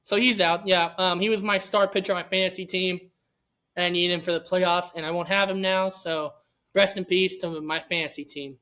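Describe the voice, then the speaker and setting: Casual male co-host with a high, light voice; wry, jokey sports banter. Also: fairly even intonation, a little fast, bright, forceful tone. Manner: joking, sarcastic. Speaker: podcast co-host.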